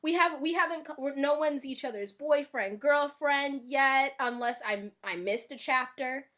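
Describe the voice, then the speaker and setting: A young woman co-hosting a casual book discussion, animated and sarcastic, laughing often. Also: sits high, a little slow. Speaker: podcast co-host.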